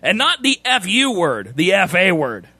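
A man's voice: sits high, huge pitch swings, a little slow, sharp tone, breathy edge, no room sound. A man hosting a podcast, looking back on an old episode in wry, joking casual chat. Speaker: podcast host.

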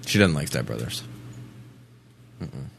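A man's voice: a bass voice, expressive, a little slow, gravelly, a bit bright, slight background noise. A man in casual chat with a co-host, answering in short, dry, teasing remarks. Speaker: podcast co-host.

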